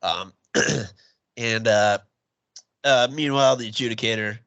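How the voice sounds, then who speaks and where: A man's voice: medium pitch, gravelly, fairly bright tone, no room sound. A man co-hosting a movie podcast, retelling a film's plot in casual chat and laughing often. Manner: laughs often, quick asides. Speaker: podcast co-host.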